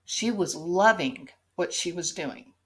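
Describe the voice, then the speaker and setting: A woman with a lowish, fairly bright voice hosts an opinion commentary show, speaking slowly and expressively. She's sarcastic and pointed, pushing her argument with rhetorical "right?" questions.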